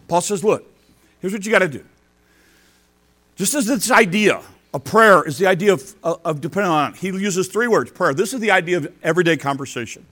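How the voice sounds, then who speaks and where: With a high, expressive voice at normal speed, an older pastor and grandfather preaches in a folksy, storytelling way. He recounts everyday tales and acts out quotes, his volume rising and falling widely.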